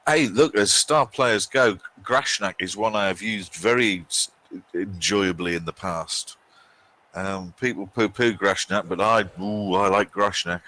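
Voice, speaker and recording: A man's voice: on the low side, measured pace, sharp tone, rough recording. A man hosting a casual game commentary, chatty and joking, thinking aloud as he goes. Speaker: host.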